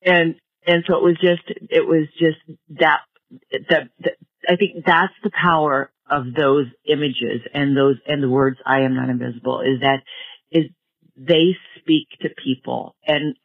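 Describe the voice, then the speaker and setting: A man with a slightly high voice tells a personal story, stopping and restarting, repeating words as he finds his way. The sound is thin and narrow, as if it came over a phone line. His speech is conversational and unscripted. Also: flat delivery, measured pace, gravelly. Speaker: guest, project organizer.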